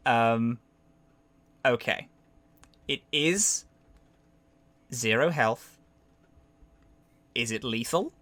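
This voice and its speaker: A man acting as game master, narrating a tabletop game in an animated way and adding sound effects. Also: medium pitch, drawn-out words, long pauses, dry recording.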